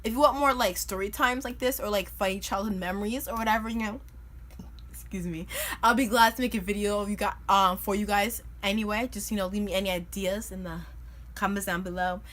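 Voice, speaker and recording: A young woman vlogger telling a funny personal story in an animated, chatty way, full of "like" and "you know". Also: medium pitch, brisk. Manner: animated, chatty, filler-heavy with lots of "like". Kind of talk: casual storytime.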